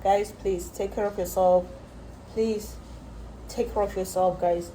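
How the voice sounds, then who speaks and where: A young woman from South Africa speaks straight to her viewers in a mellow, darkish voice. She rants in loops, stumbling and restarting and saying guys over and over. A faint noise sits under the recording. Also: medium pitch, steady tone, a little slow, rough recording. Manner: repetitive, addresses viewers as guys, many likes and restarts. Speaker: vlogger. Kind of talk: frustrated direct-to-camera rant.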